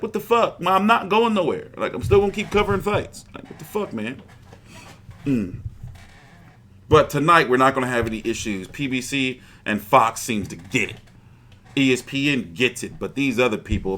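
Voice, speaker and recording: Man, boxing stream host, casual rambling chat, profane, frustrated, fairly high voice. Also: fairly bright tone.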